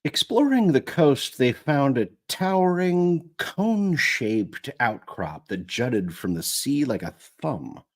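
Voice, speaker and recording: A man's voice: mid-range voice, very animated, slow pace, hardly any pauses. A man narrating an audiobook live, going back over lines when he stumbles. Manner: rereads lines after stumbles. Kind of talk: reading an audiobook aloud.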